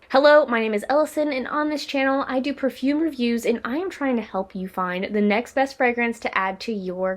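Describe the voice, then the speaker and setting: A young woman hosting a casual perfume review vlog, chatty and rambling, with lots of fillers and restarts. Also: on the high side. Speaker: perfume reviewer, channel host.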